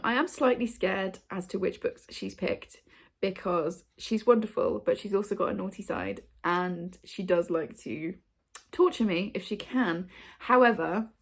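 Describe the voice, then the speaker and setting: A woman, hosting a book video and chatting to camera at home in front of her shelves. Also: mid-range voice. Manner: chatty, bubbly, many ums and likes. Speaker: booktube host. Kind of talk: casual chat to camera.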